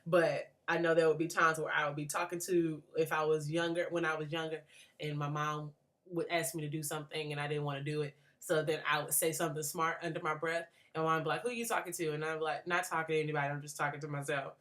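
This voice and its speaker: A woman's voice: low-pitched, level tone, a little fast, a bit bright. A woman in her late twenties giving an earnest, thoughtful spoken reflection on a book for a class, with frequent restarts. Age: late 20s. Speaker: graduate student.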